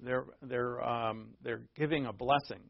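A man teaching through a Bible passage in a relaxed, conversational way, explaining terms plainly and often restarting his sentences. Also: mid-range voice, unhurried, creaky, no echo, lo-fi sound. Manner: conversational and digressive, with frequent restarts.

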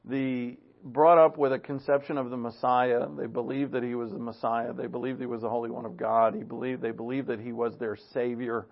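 A man preaching a sermon with a gravelly, creaky voice and an earnest, conversational delivery. He clears his throat now and then. The recording sounds dull and lo-fi. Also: mid-range voice, little pitch movement, fairly quick, few pauses. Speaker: pastor.

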